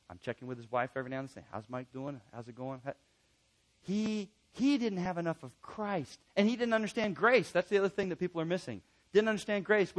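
Middle-aged man, preacher, slightly high pitch, emphatic peaks and soft storytelling. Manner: swings from loud emphatic peaks to quiet intimate storytelling. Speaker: pastor. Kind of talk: sermon.

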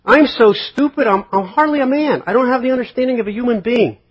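A lowly, self-belittling wise man, as a preacher puts him on, whining in a raised, stretched-out voice. The sound is husky and a little dull, like an older sermon recording. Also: fast talker. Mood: self-deprecating.

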